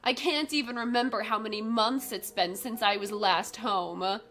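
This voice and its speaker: A woman voicing a weary, ill young woman in a live comic read-through, reading in a subdued, flat way. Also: a little high, moderate pace, natural voice. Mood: glum.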